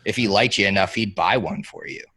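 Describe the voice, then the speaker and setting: A man's voice: lowish voice, fairly quick, pushed and bright, slightly rough. A man in a casual chat among game masters, rambling with lots of filler words and laughing often. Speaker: podcast co-host.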